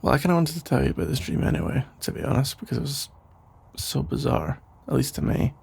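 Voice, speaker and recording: Brief: gravelly, husky rambling boyfriend, played by a man, soft sleepy whispered role-play. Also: mid-range voice, very animated, quick pace, heavily acted. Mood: teasing. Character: caring, rambling boyfriend putting partner to bed. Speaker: ASMR role-play creator.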